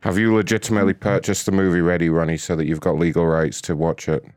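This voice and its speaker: A man's voice: sits low, level tone, fast talker, darkish tone, smooth, no room sound, clean studio sound. A man hosting a prank call show, talking in crude, mocking, rambling banter. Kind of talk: casual profane banter.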